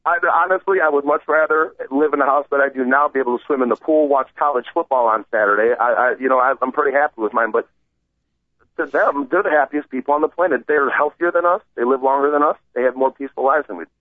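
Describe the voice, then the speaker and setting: A man co-hosting a sports radio show, telling a story in animated, casual banter and acting out the people he quotes. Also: mid-range voice, quick pace, dry recording. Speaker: radio co-host. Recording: tinny phone-like line.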